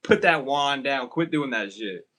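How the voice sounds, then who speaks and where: A man's voice: mid-range voice, animated, a little slow, pushed and bright. A man voicing scolding, mocking ancestor spirits who talk crudely and bluntly.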